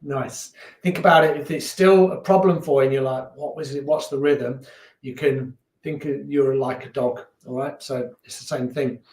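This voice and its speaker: A man teaching a beginner yoga class in a relaxed, chatty, encouraging way that sometimes laughs at himself. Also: medium pitch, moderate pace, few pauses. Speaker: yoga instructor. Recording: echoey room, voice from a distance.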